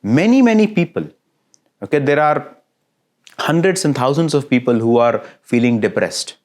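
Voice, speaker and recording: A man lecturing at an ordinary middle pitch. He talks in a lively way, builds repeated lists of phrases and keeps checking that his listeners follow him. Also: moderate pace. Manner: lively, asks listeners frequent checking questions. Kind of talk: recorded classroom lecture.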